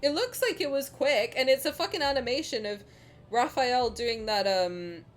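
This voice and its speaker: A woman streaming and chatting casually with her chat, animated and swearing freely, dropping to low mutters and then rising to loud outbursts. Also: moderate pace. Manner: reads chat questions aloud and answers them.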